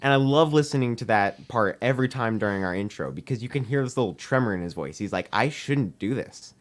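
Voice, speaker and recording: A teenage boy sits in as a podcast guest and tells a story the loose, chatty way. He leans on "um" and "we're like" to act out each exchange, at an ordinary pitch for a young man. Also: animated, fast. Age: teens. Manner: rambling, heavy use of "we're like" and "um". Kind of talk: casual anecdote telling.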